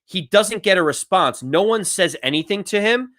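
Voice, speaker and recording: A man's voice: high-pitched, animated, moderate pace, a bit bright, no echo, clean studio sound. A man co-hosting a sports podcast in casual chat, telling a story step by step and acting out quotes. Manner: explanatory storytelling, acts out quotes. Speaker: podcast co-host.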